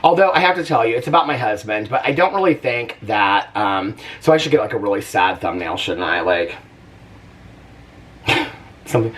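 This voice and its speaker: Chatty, animated man vlogging at home. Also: lowish voice, normal speed, distant mic. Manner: animated, chatty, lots of fillers and laughs. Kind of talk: casual chat to camera. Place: at home, indoors.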